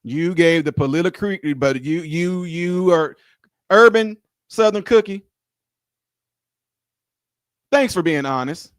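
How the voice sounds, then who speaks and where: A man doing reaction commentary on a video, teasing and animated, repeating his lines for effect. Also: sits high, slow, long pauses, clean tone, dry recording, studio quality.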